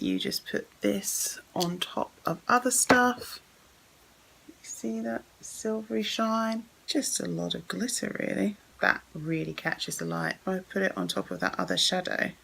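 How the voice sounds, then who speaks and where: A woman's voice: lowish voice, vocal fry, bright, forceful tone, slight background noise, rough recording. A woman chatting casually as she unboxes and swatches makeup, thinking aloud as she goes. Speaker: beauty vlogger.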